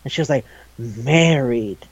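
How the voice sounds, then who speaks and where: Guy with a highish voice rambling about an anime, swears a lot, does the characters' lines, dry muffled mic. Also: a little mellow, dry recording. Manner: loose and profane, acts out characters' lines in quick voices. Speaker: podcast co-host. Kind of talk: casual chat recapping an anime.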